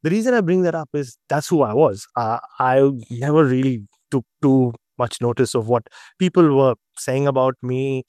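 A man, telling personal stories as an interview guest, halting often and restarting his sentences. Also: medium pitch, darkish tone, no echo, clean studio sound. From India. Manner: halting, with many restarts and fillers. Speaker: interview guest, cricket journalist. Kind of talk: candid personal storytelling in an interview.

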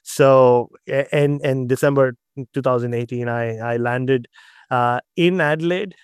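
A man, telling personal stories as an interview guest, halting often and restarting his sentences. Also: medium pitch, steady tone, smooth, no echo, clean studio sound. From India. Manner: halting, with many restarts and fillers. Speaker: interview guest, cricket journalist. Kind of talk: candid personal storytelling in an interview.

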